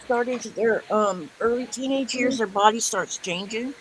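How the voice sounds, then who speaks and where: Chatty middle-aged woman, fairly high voice. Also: normal speed, slight background noise, poor audio. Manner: chatty storyteller, emphatic. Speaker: co-host. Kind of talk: casual group chat.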